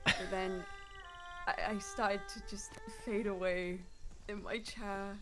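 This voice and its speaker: Sleepy jet-lagged woman, slow easygoing chat, music playing behind her. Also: medium pitch, steady tone. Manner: laughs often, easygoing. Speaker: podcast guest. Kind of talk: casual chat.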